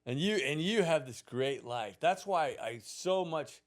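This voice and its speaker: Animated male podcast host telling stories. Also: on the high side, unhurried. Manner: animated storyteller, swears casually. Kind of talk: casual conversation and storytelling.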